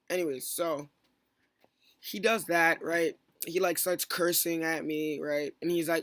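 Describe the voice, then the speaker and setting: This young stream moderator rambles through a story for a casual vlog, with frequent restarts and quick quoted lines from others. The tone stays steady, and his bright, somewhat high voice comes through close-miked and dry, without any room sound.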